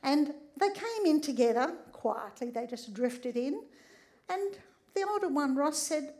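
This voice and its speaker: High-voiced woman giving a lively talk. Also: measured pace. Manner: lively storyteller, keeps checking in with "all right?". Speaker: sex therapist and doctor. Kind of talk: humorous public talk.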